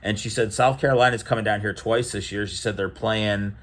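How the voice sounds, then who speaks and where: A man's voice: lowish voice, brisk. A young man chatting casually to camera about opening sports cards, rambling and storytelling with lots of fillers and restarts, livening up when he retells conversations. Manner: animated when retelling exchanges. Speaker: card collecting vlogger.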